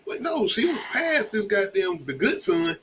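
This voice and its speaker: A man's voice: sits high, big pitch swings, unhurried, noisy background. A man from the American South co-hosting a movie review, talking in loose, profane, laughing banter. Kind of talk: casual chat.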